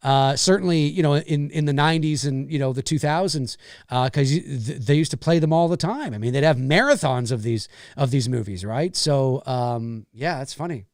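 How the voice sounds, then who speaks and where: Canadian male live-show host, rambling, animated, slightly high voice, dry sound. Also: normal speed, no echo. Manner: rambling, animated, swears freely. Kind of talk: casual live-stream chat.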